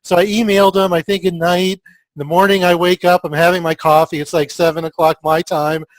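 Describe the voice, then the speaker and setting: A man's voice: high voice, little pitch movement, brisk, no room sound. A man hosting an interview, chatting in a friendly, easygoing way with fillers. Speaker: host. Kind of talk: casual interview talk.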